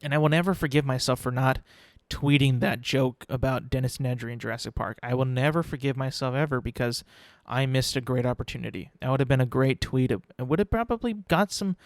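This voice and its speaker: A man hosting his own podcast, rambling in a casual, self-mocking way and slipping into quick mock voices. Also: medium pitch, dry recording, clean studio sound. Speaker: podcast host. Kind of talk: casual solo podcast rant.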